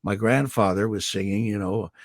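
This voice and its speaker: An older man from Indiana tells stories as a guest, in a low, gravelly voice with a husky edge. His story comes over a dry, close call sound. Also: normal speed, no echo. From Indiana, USA. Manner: animated storyteller, slips into character voices for quotes. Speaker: guest voice actor. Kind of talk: anecdotal storytelling.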